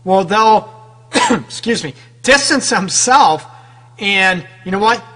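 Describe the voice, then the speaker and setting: Hosting a relationship advice program on radio, a man speaks straight to the women tuning in, leaning on rhetorical questions and the tag "right?" His high-pitched voice is bright and forceful, with lively intonation and a slow delivery.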